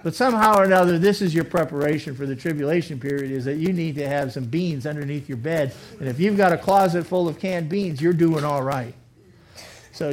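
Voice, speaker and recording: Animated pastor preaching a sermon. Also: male voice, fairly high pitch, a little fast. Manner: animated, acts out imagined speakers. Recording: faulty recording.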